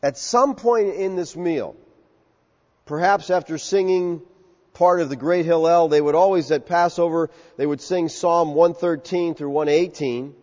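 A man's voice: fairly high pitch, a little slow, darkish tone. A male pastor preaching an expository sermon in an emphatic, conversational way, acting out quotes. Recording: muffled sound with long hall reverb.

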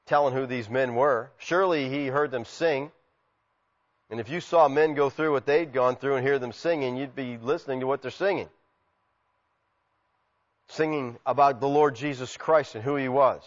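A man preaching a sermon, animated, acting out quotes and swinging from loud shouts to quiet asides. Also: on the high side. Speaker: pastor. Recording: muffled sound with long hall reverb.

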